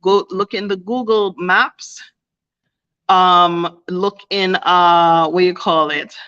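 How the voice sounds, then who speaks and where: A woman's voice: lowish voice, steady tone, takes it slowly, a bit bright, clean tone. A woman, a small business owner making an earnest appeal straight to her viewers and often checking in with "okay?". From Jamaica. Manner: earnest, repeats herself, asks "okay?" often. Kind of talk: heartfelt direct-to-camera appeal. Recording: slightly dull lo-fi audio.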